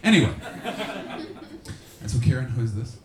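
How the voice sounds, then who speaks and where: Man, stand-up comic, loud and profane crowd work, live club with heavy crowd noise. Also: mid-range voice, very animated, moderate pace, roomy sound. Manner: loud, profane, teasing audience members. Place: comedy club before a live audience.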